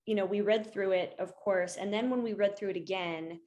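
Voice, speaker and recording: A woman's voice: medium pitch, fairly even intonation, fairly quick, darkish tone. A young adult woman, an actor, interviewing her coach in an enthusiastic, casual way with many fillers, over a video call.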